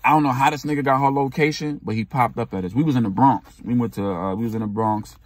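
A man's voice: mid-range voice, fast, no echo. A young man telling a personal story in casual, slangy storytime style. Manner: slangy, animated retelling. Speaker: vlogger.

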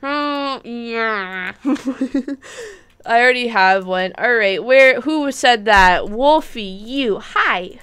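A young woman live-streaming a game, chatting casually and excitably with bursts of giggles and squeals. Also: on the high side, takes it slowly, clean tone.

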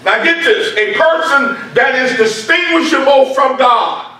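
A man's voice: extremely high pitch, animated, measured pace, bright, forceful tone, slight background noise. A man preaching a sermon, emphatic and repeating key points for stress, heard in a church. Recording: very echoey room, mic far off.

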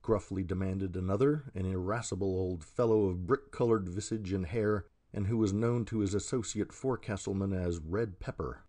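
A man reading an audiobook in a measured, scripted narration. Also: low-pitched, mellow.

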